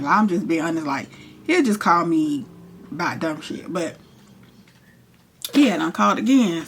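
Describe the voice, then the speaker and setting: A woman's voice: lowish voice, creaky, a little hiss or hum. Blunt young woman telling a story. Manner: blunt, profane, animated storytelling. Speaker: hairstylist and vlogger. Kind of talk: casual storytime while doing makeup.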